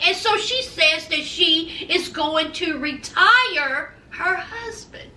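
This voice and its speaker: A sassy woman dishes celebrity gossip with a high, lively voice that swoops up and down. She takes her time, stretches her words and calls everyone honey. She sits a little back from the mic in an echoey room. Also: distant mic. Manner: sassy, drawn-out, says "honey" often. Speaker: host. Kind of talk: gossip commentary vlog.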